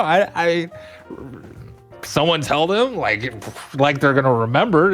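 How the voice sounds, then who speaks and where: A young adult man is streaming, reading viewer messages and chatting casually while giggling a lot in an animated way. His voice is a little high and slow with frequent pauses, over soft background music.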